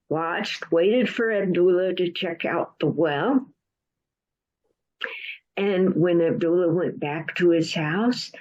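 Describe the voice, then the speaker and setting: Woman storyteller, unhurried folktale telling, dull lo-fi video call sound. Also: mid-range voice, a little mellow. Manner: measured, deliberate telling.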